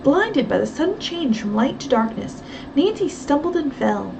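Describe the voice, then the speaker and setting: A woman reading a novel aloud with expressive, brisk storytelling, a bit distant over faint background noise. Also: high-pitched, creaky. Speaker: reader.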